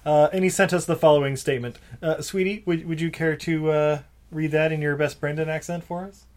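A man's voice: fairly high pitch, fairly even intonation, a little fast, darkish tone. A man co-hosting a podcast in casual chat, joking and laughing often as he talks. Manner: jokey, laughs often, uses "y'all". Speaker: podcast co-host.

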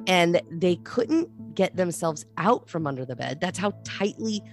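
A woman co-hosting a podcast in casual chat, telling stories with lively acted-out quotes. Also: on the low side, measured pace, soft background music. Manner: animated storyteller, acts out quotes. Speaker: podcast co-host.

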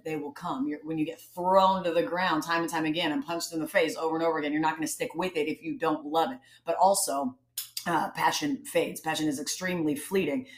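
Low-voiced woman in a roomy space. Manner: earnest, reflective, with frequent restarts. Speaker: podcast guest. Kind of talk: casual interview talk. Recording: roomy echo.

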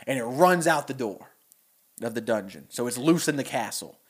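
A young man co-hosting a podcast, excitedly pitching a story with animated storytelling. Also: breathy edge. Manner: animated storytelling, quick voice switches. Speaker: podcast co-host. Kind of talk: casual chat, pitching a story.

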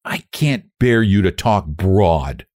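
A man's voice: deep voice, lively intonation, slow pace, a little mellow. A man voicing a prim young woman who scolds sharply. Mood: scolding.

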